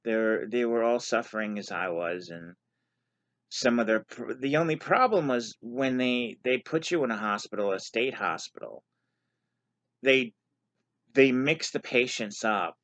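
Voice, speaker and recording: A man's voice: medium pitch, a little slow, fairly bright tone, no echo. A man casually telling a personal story on his vlog, candid and self-deprecating. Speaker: vlogger sharing his story.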